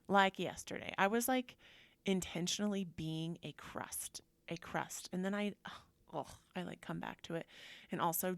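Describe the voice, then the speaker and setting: Woman podcast host, casual storytelling, gravelly tone, dry close sound. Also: fairly low pitch, dry recording. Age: adult. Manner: chatty and animated, acting out quotes.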